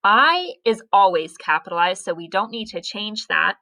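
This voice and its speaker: A woman's voice: mid-range voice, expressive, moderate pace, sharp tone. A woman teacher giving a recorded grammar lesson, carefully spelling out punctuation step by step.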